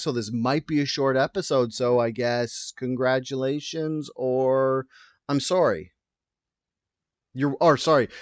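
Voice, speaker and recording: A man hosting a solo podcast, rambling through tangents with lots of swearing, loud and wired on coffee. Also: mid-range voice, dry recording. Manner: rambling, tangent-prone, profane. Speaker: podcast host.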